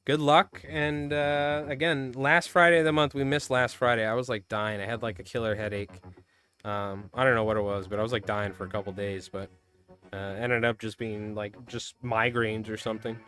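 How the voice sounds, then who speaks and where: A man streaming live, chatting casually and calling a marble race with loud bursts of excitement. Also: medium pitch, moderate pace, clear, resonant tone. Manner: rambling, laid-back, bursts into loud excited commentary. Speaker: streamer and fly tier. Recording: faint music under the voice. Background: background music.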